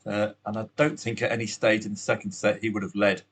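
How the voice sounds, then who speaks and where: A man's voice: fairly low pitch, level tone, fast, fairly bright tone, slightly rough. A man hosting a solo betting podcast, chatty and upbeat, with asides to the listener.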